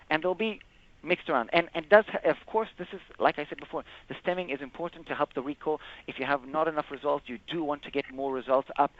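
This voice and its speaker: Male trainer, mid-range voice, halting explanatory delivery with many self-corrections; dull, lo-fi webinar recording. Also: mid-range voice, no echo. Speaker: software trainer presenting a webinar. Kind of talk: live screen-share product demo.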